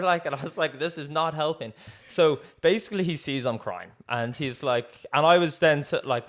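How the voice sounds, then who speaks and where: A man's voice: a little high, brisk, few pauses. A young man, a podcast co-host telling a story in casual chat, acting out quoted dialogue with frequent laughs. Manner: lively, acts out quoted dialogue, laughs often.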